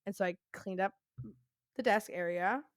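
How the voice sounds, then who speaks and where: A woman telling a story as a podcast guest, rambling and profane, peppering her talk with laughs and quick "right?" asides. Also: medium pitch, clean tone, no echo, studio quality. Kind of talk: casual storytelling.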